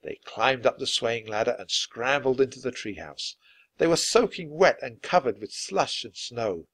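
A man reading a children's storybook aloud. His voice is clear and sits at a middle pitch, and his intonation is lively and full of rises and falls as he narrates. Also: normal speed. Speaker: storybook reader.

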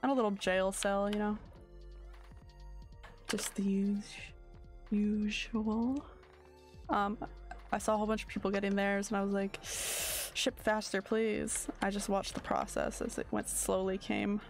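A woman's voice: medium pitch, little pitch movement, measured pace, long pauses, faint music behind. A woman streamer giving casual gameplay commentary in a sleepy, rambling way, often searching for her words. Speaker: game streamer.

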